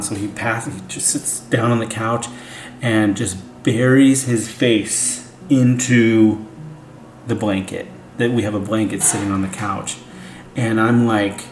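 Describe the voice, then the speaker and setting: A man's voice: on the low side, fairly even intonation, moderate pace, a little hiss or hum. A young man, a father, telling a family story in a casual, rambling way, full of "like" and "you know". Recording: echoey room, faint music.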